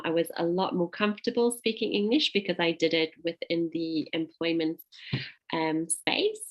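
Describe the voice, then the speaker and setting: A woman's voice: lowish voice, fairly bright tone. A woman in her forties from South Africa, Afrikaans by first language, speaking English with a South African accent in a chatty conversational interview, full of fillers and restarts. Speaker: interview guest.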